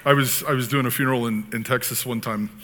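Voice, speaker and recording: A man preaching a sermon as pastor, talking in an animated, conversational way with frequent asides. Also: medium pitch, fast. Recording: long hall reverb.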